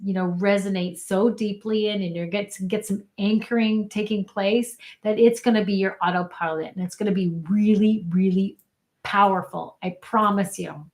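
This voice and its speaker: A woman's voice: mid-range voice, steady tone, moderate pace, a little mellow. A woman life coach giving an earnest live teaching, often calling out questions to her audience. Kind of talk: live online coaching talk.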